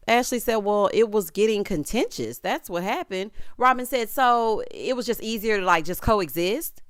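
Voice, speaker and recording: A woman's voice: medium pitch, very animated, moderate pace, hardly any pauses, clear, resonant tone, no room sound, studio quality. A woman giving a sassy, sarcastic recap of a reality show in loose, slangy casual talk. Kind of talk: opinionated casual recap commentary.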